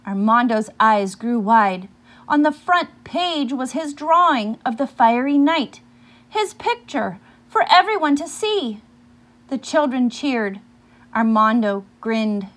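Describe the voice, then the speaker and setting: Woman reading a kids picture book out loud, slow and careful, higher voice, stops to ask questions. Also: animated. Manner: pauses to ask listeners questions about the story. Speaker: storyteller.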